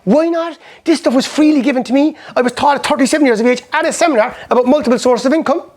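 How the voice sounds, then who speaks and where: Middle-aged Irish man, high-voiced, fast, animated storyteller at a motivational seminar. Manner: rapid, animated storytelling that acts out past conversations. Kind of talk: motivational seminar talk with personal stories.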